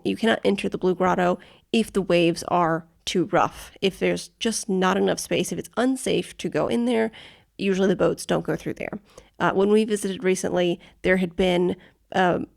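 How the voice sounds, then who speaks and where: A woman's voice: medium pitch, gravelly, darkish tone. A woman co-hosting a travel podcast who explains news stories step by step and checks that the listener is following. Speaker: podcast co-host. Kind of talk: casual chat, explaining news.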